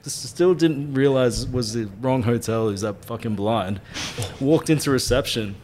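A man's voice: medium pitch, moderate pace, a little mellow, slight background noise. A man co-hosting a podcast, telling rambling, sweary anecdotes and laughing often. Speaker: podcast co-host. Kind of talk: casual storytelling chat.

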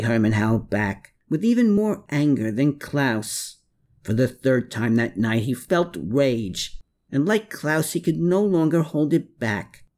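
A man narrating a novel, dropping low and slowing for the dialogue tags. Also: a little mellow. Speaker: audiobook narrator.

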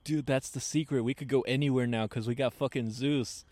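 A man's voice: medium pitch, steady tone, a little fast, darkish tone, dry recording. A young man co-hosting a podcast outdoors in a park at night, joking around and laughing in a laid-back way. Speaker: podcast co-host. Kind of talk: casual chat. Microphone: podcast microphone.

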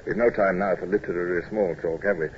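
A man playing a calm naval commodore in an old radio drama, speaking in a dry, measured, officerly way. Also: sits low, lo-fi sound, natural voice. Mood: wry. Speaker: commodore and first-person narrator. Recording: old radio recording with hiss.

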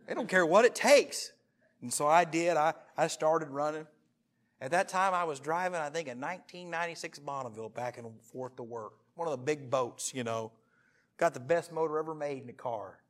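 Guy in his thirties preaching a sermon, kinda high voice, jokey stories, gets loud all of a sudden. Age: 30s. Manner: animated, jokey storytelling with sudden loud bursts. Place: church meeting room.

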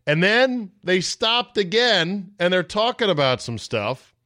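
A man's voice: high-pitched, very animated, a little slow, sharp tone, dry recording, clean studio sound. A man hosting his own sports podcast, talking solo in wry, exasperated rants and mimicking other people's voices. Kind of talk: solo sports talk monologue.

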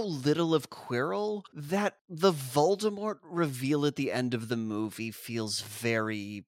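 A man's voice: medium pitch, unhurried, hardly any pauses, no room sound, clean studio sound. A man from South Africa hosting a casual podcast, recapping a film with wry, sarcastic swearing. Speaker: podcast host.

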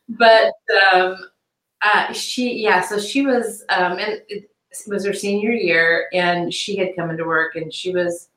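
A middle-aged woman being interviewed, speaking haltingly with many restarts and turning animated when she quotes people. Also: mid-range voice. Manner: animated when quoting others. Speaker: interview guest, victim's aunt. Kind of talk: conversational interview. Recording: echoey room.

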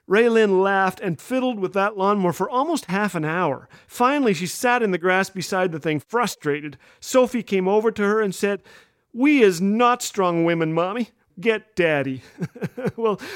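A middle-aged man hosting a radio show, telling funny stories about children with animated delivery and raised voices for the kids' lines. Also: high-pitched. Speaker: radio host. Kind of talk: humorous storytelling.

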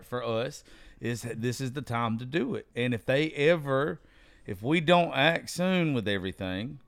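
A man's voice: mid-range voice, smooth, no room sound. A man hosting a casual political talk show, rambling loosely with hesitations, then speaking with more fire.

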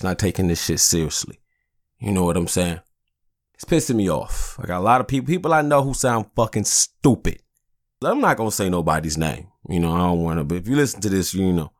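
A man hosting a podcast, ranting angrily and profanely in a casual, heated way. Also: fairly low pitch. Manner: angry, profane, heated, frequent "you know what I'm saying". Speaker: podcast host.

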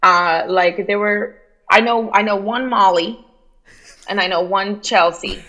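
A young adult woman from Miami with a Miami accent, telling stories in casual chat, animated, full of fillers and quoted voices. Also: medium pitch, unhurried. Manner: chatty, animated storytelling with many likes and quoted voices. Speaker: guest.

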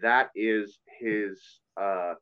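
A man's voice: on the low side, fairly even intonation, drawn-out words, clear, resonant tone, dull audio. A man who is a Catholic priest, chatting earnestly and at length on a podcast. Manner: earnest, talkative, self-deprecating. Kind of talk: casual podcast chat.

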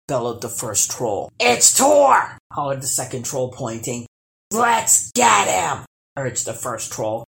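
A woman reading a children's storybook aloud, expressive and lively. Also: sits low. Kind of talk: storybook read-aloud narration.

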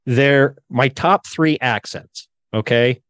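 A man's voice: mid-range voice, takes it slowly, a bit bright, no room sound. Crude rambling podcast co-host, man. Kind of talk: casual chat.

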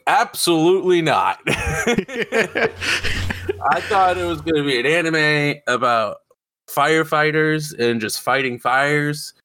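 Excitable, bright-voiced man chatting. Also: a little high, slow, dry recording. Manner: excitable, swears freely, rambling. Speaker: podcast co-host. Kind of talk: casual chat.

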